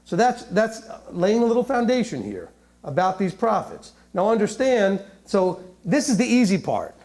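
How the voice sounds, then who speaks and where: A man with a high, very lively voice gives a teaching sermon, working through scripture verse by verse. He talks like he is chatting with his listeners, slips in jokes and keeps asking "right?" and "okay?". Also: normal speed. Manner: joking asides, laughing at his own humor. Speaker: Bible teacher.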